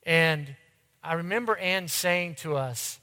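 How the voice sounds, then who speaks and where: A man preaching a sermon to his congregation, earnest, swinging between loud lines and hushed ones. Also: fairly high pitch, slow, in a large hall. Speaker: pastor.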